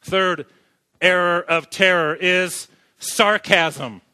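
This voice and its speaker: A man delivers a sermon slowly in a church sanctuary, his voice high and sharp. Along the way he quizzes the congregation and slips in jokes.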